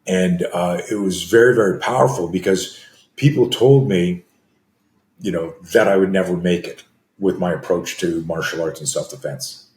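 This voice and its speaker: Animated man in his sixties. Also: low voice, normal speed. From Canada. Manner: animated, acts out scenes with screams and gasps. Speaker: guest, self-defense coach. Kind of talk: storytelling in a conversation. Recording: roomy echo.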